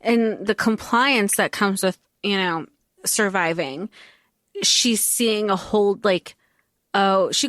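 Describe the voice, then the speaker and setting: A woman's voice: on the low side, no room sound. Emphatic woman podcast co-host. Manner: emphatic, swears freely, thoughtful analysis. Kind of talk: casual movie rewatch chat.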